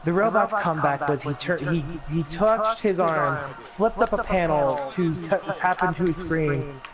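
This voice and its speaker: A man telling a story on a casual podcast, animated and laughing as he goes. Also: fairly high pitch, normal speed, a crowd in the background, low-quality recording. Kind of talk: casual chat.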